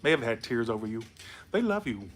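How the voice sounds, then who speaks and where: A man's voice: medium pitch, very animated, fairly quick. A tipsy man doing a loose, rambling, playful tarot reading. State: tipsy from alcohol. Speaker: tarot reader.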